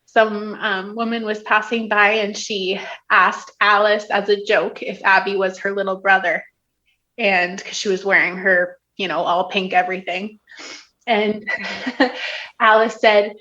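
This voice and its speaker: A woman guest with a mid-pitched voice tells a personal story gently, in casual conversation. Her audio comes through a dull, lo-fi remote line. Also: flat delivery, measured pace. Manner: gentle storyteller with soft laughs. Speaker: podcast guest.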